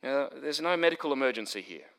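A man preaching an expository sermon, emphatic, building to stressed points and then dropping low. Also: animated, fast talker, a bit bright, clear, resonant tone. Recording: long hall reverb.

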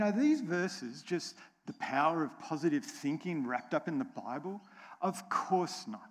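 Slow-preaching American pastor, echoing hall. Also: male voice, fairly high pitch. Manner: slow, emphatic, repeats key phrases, asks the congregation questions. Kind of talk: sermon. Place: church sanctuary. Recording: long church hall reverb.

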